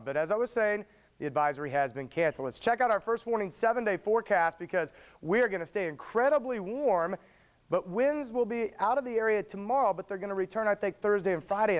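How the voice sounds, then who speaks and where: Fast-talking TV weatherman. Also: high voice, clean tone. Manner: brisk, upbeat forecaster patter. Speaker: chief meteorologist. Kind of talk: live TV weather forecast.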